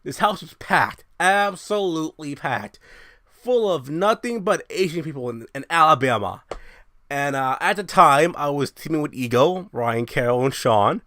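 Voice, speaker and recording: A young man hosting his own show, ranting in a brash, profane, animated way. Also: fairly high pitch, measured pace, no echo, clean studio sound. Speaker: show host. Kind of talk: casual ranting monologue.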